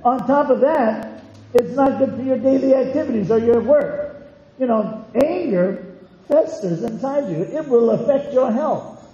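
Folksy male pastor preaching, high voice, mellow tone, dull echoey hall recording. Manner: folksy, conversational storytelling. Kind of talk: sermon.

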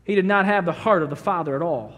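A man's voice: high-pitched, quick pace, a bit bright. A man preaching a sermon as a pastor, emphatic, acting out the people he quotes. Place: church sanctuary. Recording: reverberant church sanctuary.

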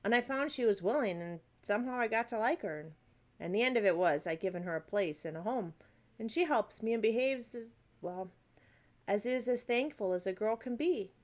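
A woman's voice: a little high, expressive, moderate pace, close to an everyday voice. Storybook baker woman, kindly and talkative, rustic speech, put on by a woman reader. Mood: warm. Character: kindly working-class female baker, middle-aged, chatty.

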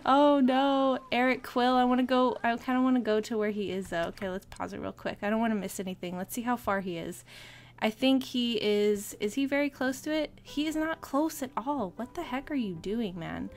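A woman casually commenting on her gameplay as a let's play host, excitable and chatty, often laughing and gasping and talking to her game characters. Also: fairly high pitch, moderate pace.

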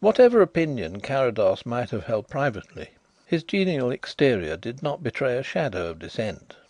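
A man narrating a classic detective audiobook in a measured storytelling manner. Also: medium pitch, very animated, darkish tone, dry recording. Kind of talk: scripted narration.

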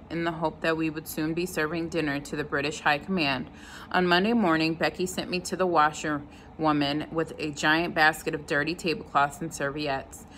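Woman reader, low voice, steady read-aloud of a novel. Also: a little hiss or hum, low-quality recording. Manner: unhurried, stops to comment on the story.

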